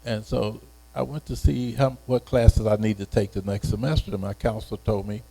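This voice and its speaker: Gravelly, very dark-voiced man in his eighties. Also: lowish voice, little pitch movement, low-quality recording. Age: 80s. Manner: unhurried, halting, often repeats words. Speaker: retired educator being interviewed. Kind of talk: reminiscing personal story.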